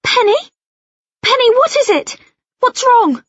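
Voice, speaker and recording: A woman's voice: sits high, fairly even intonation, a little fast, a little mellow, no echo, pitched above the performer's own voice. A woman doing a frantic, tender mum. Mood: alarmed. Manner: anxious, then soothing. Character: worried, gentle mother of a teenage girl. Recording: dull, dry lo-fi audio.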